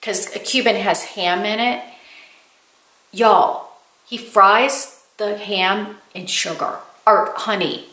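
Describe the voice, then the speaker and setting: A woman's voice: medium pitch, takes it slowly, bright, forceful tone. Older lady vlogging, rambling chatty stories, sounds roomy. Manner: chatty storytelling, addresses viewers as y'all. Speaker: lifestyle vlogger. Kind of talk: casual chat. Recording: roomy echo.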